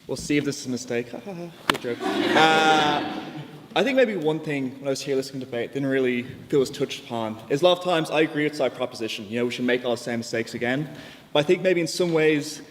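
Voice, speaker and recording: A man's voice: medium pitch, brisk, a bit bright. A young man giving a chatty, jokey floor speech in a student debating chamber. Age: young adult. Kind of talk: informal storytelling speech. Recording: long hall reverb, faint background noise.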